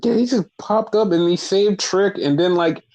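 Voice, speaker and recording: A man's voice: high voice, normal speed, a little mellow, dull audio. Casual, swearing man recapping wrestling. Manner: loose, profane storytelling with lots of fillers. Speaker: wrestling podcast co-host.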